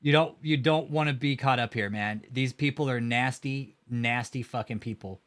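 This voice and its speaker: A man's voice: mid-range voice, normal speed, a bit bright. A man livestreaming outdoors by a road, talking casually in a blunt, profane, mocking way.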